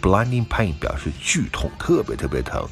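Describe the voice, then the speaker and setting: A man with a very deep voice calmly explaining phrases as a language teacher. Faint music plays behind him. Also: moderate pace, vocal fry. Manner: explanatory, steady. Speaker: English teacher. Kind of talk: language lesson narration.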